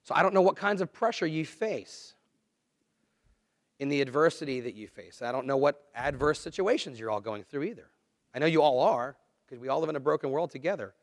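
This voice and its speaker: A man preaching a sermon, earnest and conversational, swinging between quiet, low asides and louder, emphatic lines. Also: expressive, fairly quick, dry recording, studio quality. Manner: earnest, conversational preaching with dramatic dips and swells. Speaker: pastor.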